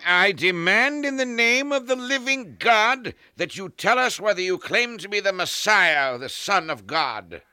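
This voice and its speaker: An actor playing a stern male high priest who presides over a council, imperious and hesitant with ums before his commands, in an old-time radio drama. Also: lively intonation, measured pace, bright, forceful tone, clean tone, no echo, clean studio sound, full character voice. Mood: demanding.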